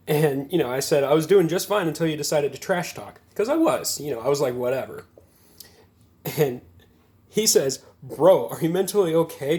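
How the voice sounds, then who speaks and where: A young man in his twenties tells a gaming story in a loose, rambling way, amused at himself and full of fillers. His voice sits slightly high. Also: darkish tone. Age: 20s. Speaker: gaming video creator. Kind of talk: casual storytelling to camera.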